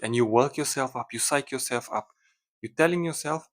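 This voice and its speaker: A man's voice: medium pitch, brisk. A man vlogging casually to camera, rambling with frequent ums and restarts, acting out an annoyed inner voice.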